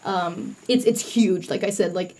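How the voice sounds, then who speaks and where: A woman narrating as game master for a tabletop game. She describes the scene in a loose, relaxed way, pausing often with fillers. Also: medium pitch, poor audio.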